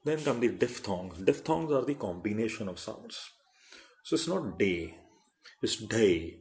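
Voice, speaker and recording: A man's voice: medium pitch, expressive, moderate pace, a little mellow. A middle-aged man giving an online phonetics lecture as a college principal, carefully repeating word pairs to demonstrate sounds.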